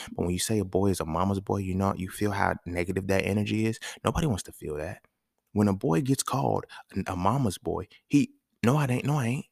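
A man's voice: low voice, creaky, darkish tone, dry recording, studio quality. A man hosting a podcast, talking in a casual, emphatic monologue full of slang and swearing, often checking in with his listeners. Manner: emphatic, slangy, profane, asks listeners questions. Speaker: podcast host.

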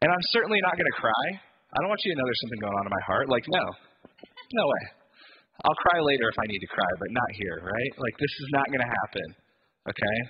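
A man's voice: mid-range voice, expressive, fast, in a large hall, muffled recording. A man, a pastor, preaching a sermon in a conversational, emphatic and self-deprecating way.

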